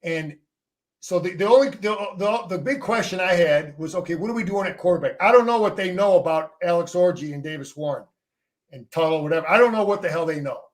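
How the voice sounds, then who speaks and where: A middle-aged former player and coach joins as a guest for some casual football talk, speaking in a high, animated voice at a brisk clip. He's emphatic and salty, often repeating words as he restarts his sentences.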